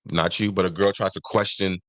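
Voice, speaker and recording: A man's voice: sits low, steady tone, a little fast, no echo. A young man talking in a casual podcast chat, emphatic and given to acting out what people said. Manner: emphatic, acts out quoted voices. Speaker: podcast co-host.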